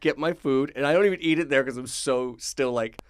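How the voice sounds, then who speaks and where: A young man, a comedian guest on a podcast, telling a story in a lively way, laughing often and acting out his own shouting. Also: mid-range voice, brisk, no echo, studio quality. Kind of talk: casual storytelling.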